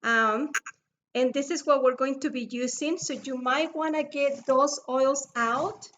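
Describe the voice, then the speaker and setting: A woman's voice: high-pitched, fairly even intonation, measured pace, a bit bright, lo-fi sound, a little hiss or hum. A middle-aged woman with a foreign accent, patiently teaching oil mixing over a video call. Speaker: essential oil mixing instructor.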